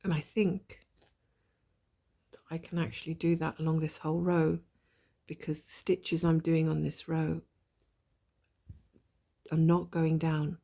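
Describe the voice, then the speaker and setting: A woman with a gravelly voice and a blocked nose from a cold, chatting casually and thinking aloud while she stitches, with a self-deprecating manner. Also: low voice, level tone, unhurried, pauses often, dark tone. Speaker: cross-stitch vlogger. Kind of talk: casual stitch-along chat.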